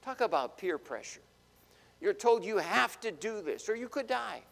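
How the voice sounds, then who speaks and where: Male pastor, sermon, fairly high voice, long hall reverb, dramatic delivery. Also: big pitch swings, moderate pace, gravelly. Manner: dramatic, swinging between loud bursts and hushed asides.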